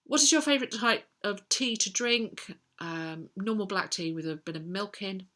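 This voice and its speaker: Bright-toned woman chatting casually. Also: mid-range voice, normal speed. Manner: chatty, thinks aloud with many ums. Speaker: book vlogger answering viewer questions. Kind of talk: casual chat.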